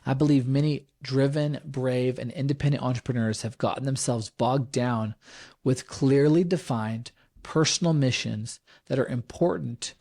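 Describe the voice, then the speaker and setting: An earnest man talks through a reflective solo podcast at an ordinary pitch. He often stops and restarts, then slows right down to lean on the words he wants to stress, like someone counseling a listener. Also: fairly even intonation, darkish tone. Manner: earnest, halting, with frequent restarts and ums. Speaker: podcast host.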